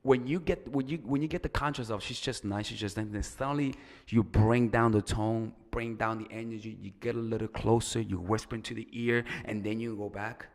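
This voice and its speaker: A man's voice: lowish voice, steady tone, fairly quick, darkish tone, big-room sound. A man giving casual, crude, rambling dating advice as a coach, with loose fillers and restarts.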